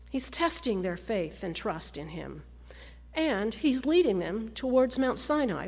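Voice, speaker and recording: A woman pastor delivering a sermon in a measured, storytelling way. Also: medium pitch. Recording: long reverb of a large church hall.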